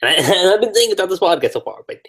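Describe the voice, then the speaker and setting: A man's voice: sits high, lively intonation, rapid-fire, a bit bright, breathy edge. A man guesting on a podcast in casual chat, laughing at his own remarks.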